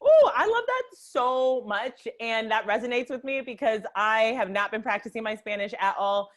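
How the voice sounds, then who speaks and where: A woman co-hosting a casual live podcast, with a Boston accent, talking in an animated way with frequent laughs and lots of "like" fillers. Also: fairly high pitch, moderate pace. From United States. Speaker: podcast co-host.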